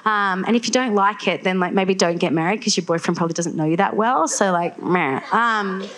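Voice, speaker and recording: A young woman from Australia, telling her faith story to a live audience in an animated way, full of "like"s. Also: mid-range voice, fairly quick. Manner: animated storytelling, many filler "like"s. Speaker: guest speaker.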